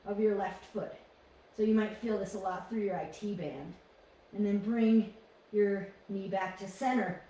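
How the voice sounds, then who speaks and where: A woman leading a guided yoga class with calm, encouraging cues, often restarting her phrases. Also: on the high side, a little hiss or hum. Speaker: yoga instructor. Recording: echoey room, distant from mic.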